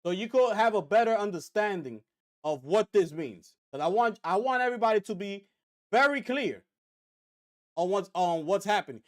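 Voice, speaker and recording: A man's voice: high voice, normal speed. A man hosting a gaming news livestream, talking casually and straight to viewers, repeating himself for emphasis. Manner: animated, repetitive, talks straight to viewers.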